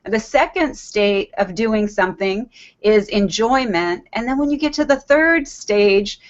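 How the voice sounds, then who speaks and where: A woman's voice: medium pitch, expressive, unhurried, highs cut off. A middle-aged woman giving an earnest motivational talk on a group call, repeating herself and laughing often.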